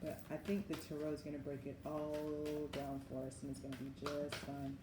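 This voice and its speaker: Her voice is low-pitched with little pitch movement and a normal speed. She's a Southern U.S. woman in her forties reading tarot in a musing, effusive, spiritual way, often labeling things wild, recorded in an echoey space with noise behind her.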